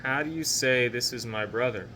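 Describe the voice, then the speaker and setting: A man teaching a language lesson, speaking slowly and patiently and repeating each phrase. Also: medium pitch, pushed and bright, a little hiss or hum. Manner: patient, slow drilled repetitions of each phrase; encouraging.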